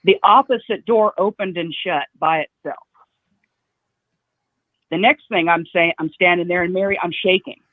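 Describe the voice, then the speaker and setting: Female caller on a phone line, emotional storyteller, halting with lots of "you know", thin tinny sound, dry. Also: lowish voice, fairly even intonation, no room sound. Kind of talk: emotional storytelling on a call-in show.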